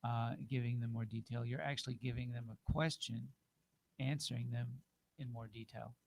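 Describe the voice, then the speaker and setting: A man's voice: mid-range voice, steady tone, moderate pace, vocal fry, darkish tone, a little hiss or hum, rough recording. A man teaching an informal class, patient and encouraging as he coaches a student.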